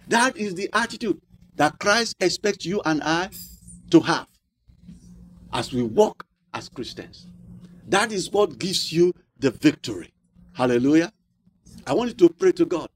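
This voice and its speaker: A man preaching a sermon, asking the congregation rhetorical questions and drawing out key words slowly. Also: sits high, animated, a little hiss or hum. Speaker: pastor.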